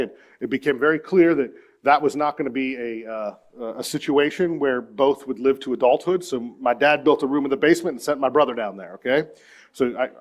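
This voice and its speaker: A middle-aged man preaching a sermon in church, telling stories earnestly and swinging between hushed, quiet moments and emphatic points. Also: medium pitch. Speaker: pastor.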